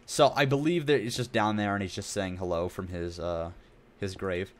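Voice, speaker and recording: A man's voice: low-pitched, steady tone, moderate pace. A young man streaming a building game, chatting in a rambling, self-deprecating way with lots of asides. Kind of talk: casual gameplay commentary.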